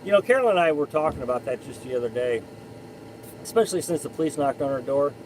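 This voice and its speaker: A man's voice: fairly high pitch, animated, quick pace, a little mellow, a little hiss or hum, low-quality recording. A man hosting a casual live stream, chatting in a rambling way and often restarting his sentences. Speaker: live stream host reading chat.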